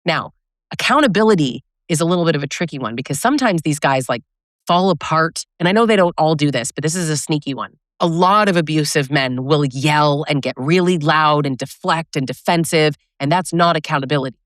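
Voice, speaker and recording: A woman's voice: low voice, lively intonation, fairly quick, no room sound, studio quality. A woman relationship coach giving a direct, conversational talk, often asking rhetorical questions. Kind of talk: educational talk to camera.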